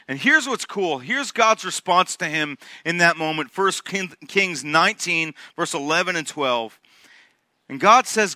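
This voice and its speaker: A male pastor preaches with emphasis and moves between hushed whispers and near-shouting. His voice is very bright and sits fairly high. The recording is dry and close. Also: expressive, measured pace, no echo. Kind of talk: sermon.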